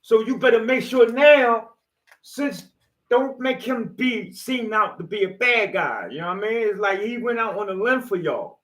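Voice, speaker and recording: A man with a high, somewhat bright voice speaks at an ordinary pace. He hosts motivational videos, delivering a rambling, preachy talk in street slang, peppered with casual jokes and curse words.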